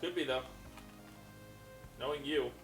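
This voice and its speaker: Teasing high-voiced man in an echoey room. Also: unhurried, fairly bright tone, faint music behind. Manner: joking, teasing banter. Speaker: co-host. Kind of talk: casual let's-play chat.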